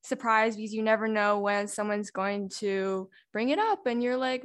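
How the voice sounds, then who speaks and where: A woman's voice: medium pitch, moderate pace, hardly any pauses. A woman podcast co-host chatting casually in an interview, acting out remarks she quotes.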